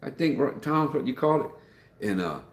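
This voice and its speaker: A man's voice: mid-range voice, very animated, fairly quick, roomy sound. A man hosting a casual livestream, chatting folksily and reading out viewer comments, calling everyone man or dude. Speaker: livestream host.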